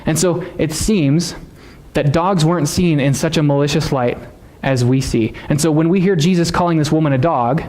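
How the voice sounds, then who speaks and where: A man's voice: fairly high pitch, moderate pace, darkish tone. A man preaching a sermon in a church, teaching in a conversational way and asking the congregation questions. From United States. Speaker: pastor. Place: church sanctuary.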